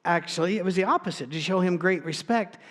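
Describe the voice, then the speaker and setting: A man's voice: sits high, quick pace, a bit bright. A male pastor preaching a sermon in a plain, informal storytelling way, with frequent restarts and asides.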